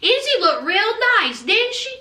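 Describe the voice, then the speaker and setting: A woman giving a chatty, animated recap of a TV episode, calling her viewers "honey" and "child" as she talks. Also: very high voice, unhurried. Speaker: TV episode reviewer. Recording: roomy, distant from mic.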